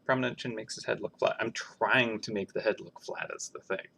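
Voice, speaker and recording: A man's voice: lowish voice, brisk, creaky, sharp tone, breathy edge. A man who is a game artist, thinking aloud in a musing, self-questioning way as he draws on a livestream. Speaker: game artist streaming his work.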